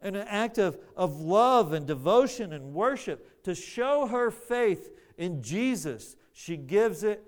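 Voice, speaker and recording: A man's voice: sits high, sing-song, slow, hardly any pauses. A man preaching a sermon, earnest, often repeating words as he searches for the phrasing.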